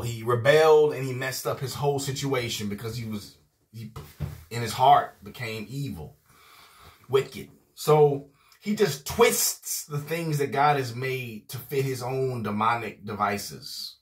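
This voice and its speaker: A man's voice: mid-range voice, slow pace. A man preaching an informal video sermon. He talks in a rowdy, emphatic way, often repeating "man" and "I promise you".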